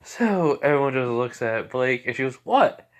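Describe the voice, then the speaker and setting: A man's voice: mid-range voice, animated, moderate pace. A young man casually improvising a fan story, rambling with lots of fillers. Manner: rambling, many fillers like "you know" and "he's like".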